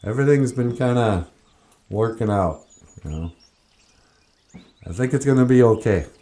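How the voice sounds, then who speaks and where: A man's voice: mid-range voice, normal speed, mellow. A man hosting a casual stream, joking, chuckling often and reading out comments. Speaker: host. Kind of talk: casual livestream chat.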